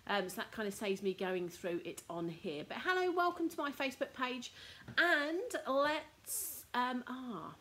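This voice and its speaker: A woman's voice: a little high, animated, unhurried, bright, forceful tone. A middle-aged woman from the UK hosting a casual live craft demo, chatty with lots of ums. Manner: chatty, frequent ums, laughs at herself. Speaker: card making teacher and host.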